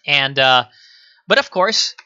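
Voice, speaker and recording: A man talks history on a live stream, rambling and sardonic, with a lot of filler words. His voice is sharp and very bright. The audio is dull and lo-fi, with faint music underneath. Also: mid-range voice, lively intonation, takes it slowly, smooth.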